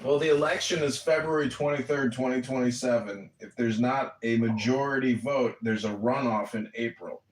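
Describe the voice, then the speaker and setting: A man hosting a casual live audio chat, upbeat with loud greetings and salesy banter. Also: mid-range voice, moderate pace, hardly any pauses. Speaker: host. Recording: echoey, from far off the mic.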